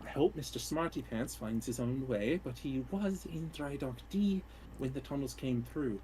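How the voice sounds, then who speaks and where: A man voicing a weary, gruff male soldier resigned to his death, in a low, grim drawl with a put-on borderline Irish accent. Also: normal speed, warm tone, a little hiss or hum, lightly acted, poor audio.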